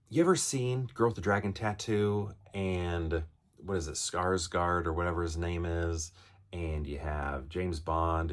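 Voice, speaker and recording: Deep-voiced rambling movie reviewer. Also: male voice. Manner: rambling, many fillers and restarts, acts out characters' lines. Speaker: film reviewer. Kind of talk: casual movie review monologue.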